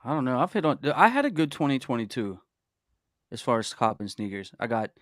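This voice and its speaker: A man hosting a livestream in casual chat, animated and repeating himself when excited. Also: mid-range voice, a little fast, no room sound, studio quality. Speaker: livestream host.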